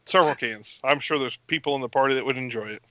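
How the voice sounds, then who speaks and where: A man's voice: medium pitch, fast, lo-fi sound, background noise. A man playing in a tabletop game, stating his moves in short, blunt lines. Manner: blunt, terse in-character declarations. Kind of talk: casual chat.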